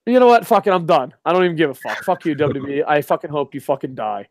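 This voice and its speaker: A man's voice: a little high, big pitch swings, fast talker, a little mellow, no room sound, clean studio sound. A man co-hosting a casual wrestling talk show, ranting in a heated, profane way. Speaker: podcast co-host.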